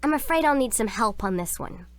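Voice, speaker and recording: Woman voicing a bright teenage schoolgirl, high and lively. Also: brisk, lightly acted. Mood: helpful. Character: bright teenage girl, science-savvy student. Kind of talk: video game voice acting.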